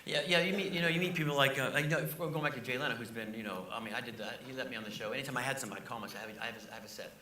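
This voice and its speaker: A middle-aged man, a comedian guest, telling animated anecdotes and laughing as he talks. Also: medium pitch, slight background noise. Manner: fast, excitable, laughing anecdotes. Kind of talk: animated storytelling. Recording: echoey room, distant mic.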